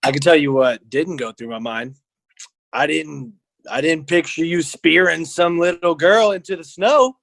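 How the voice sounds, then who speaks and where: A man's voice: on the high side, moderate pace, vocal fry, fairly bright tone, no room sound. A man co-hosting a podcast, chatting casually and teasing his co-host with jokes. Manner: joking, teasing interjections. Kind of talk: casual chat.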